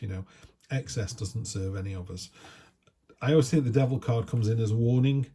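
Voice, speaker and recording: A middle-aged man gives a chatty, down-to-earth tarot reading in a low, gravelly voice with a warm, mellow tone. A faint hiss sits behind him. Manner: chatty, down-to-earth, acts out little quoted asides. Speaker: tarot reader.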